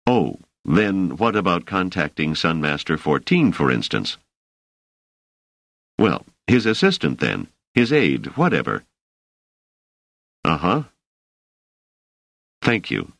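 A wry, impatient scholarly man from an audiobook, as a deep-voiced male narrator plays him. The voice is very low but moves a lot in pitch, with dry irony and little patience. The recording is close and dead dry. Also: sing-song, takes it slowly, vocal fry, pauses often, fairly bright tone, no echo, full character voice. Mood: exasperated. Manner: dryly ironic, exasperated.

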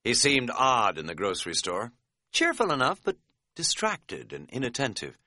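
A man's voice: medium pitch, wildly swooping pitch, normal speed, sharp tone, no room sound. A man reading an audiobook, telling the story with a wry, dry humor. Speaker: narrator. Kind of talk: audiobook narration.

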